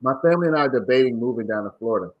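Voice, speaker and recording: A man's voice: medium pitch, expressive, very fast, highs cut off. A man from Maryland hosting a casual livestream, chatting and reading out viewer comments. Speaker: livestream host.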